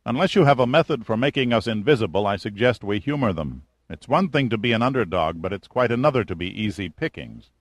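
A man's voice: on the low side, lively intonation, fast, few pauses, no echo. A man voicing a cautious, skeptical male scientist who protests and worries. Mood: dry caution.

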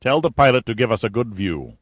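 A man's voice: mid-range voice, very animated, brisk, no room sound, highs cut off. A man doing a cold, commanding general. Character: cold, menacing middle-aged male general.

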